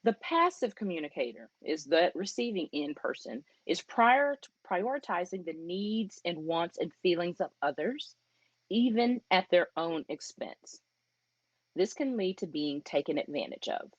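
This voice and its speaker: A woman's voice: fairly low pitch, measured pace, slightly rough, dry recording, muffled recording. Woman giving a church marriage talk. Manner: conversational, acts out quoted spouses in lively asides.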